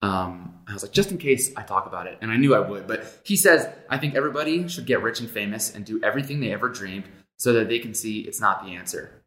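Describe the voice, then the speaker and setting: A man speaks reflectively on a casual podcast, drawing on his own life, with fillers along the way. His voice is on the low side. The room around him is echoey. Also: animated, quick pace, a bit bright. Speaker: podcast co-host.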